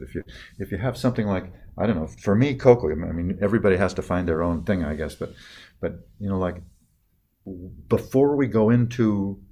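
An older man telling personal stories in a reflective talk, halting with many restarts and trailing off softly at tender moments. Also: low-pitched. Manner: soft-spoken, dropping quieter on tender moments.

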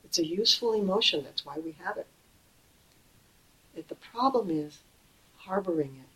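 A middle-aged woman giving a Buddhist dharma talk in a gentle, conversational way, slowing and softening on key phrases. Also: lowish voice, animated, low-quality recording. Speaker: Buddhist teacher.

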